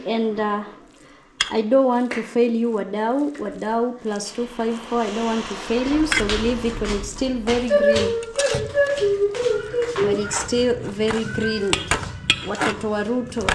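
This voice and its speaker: A woman's voice: fairly high pitch, measured pace. A young Kenyan woman with a Kenyan accent, chatting to viewers as she cooks a meal in a village home. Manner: chatty, addresses viewers directly. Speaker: vlogger. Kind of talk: casual cooking vlog. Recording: echoey with loud background noise.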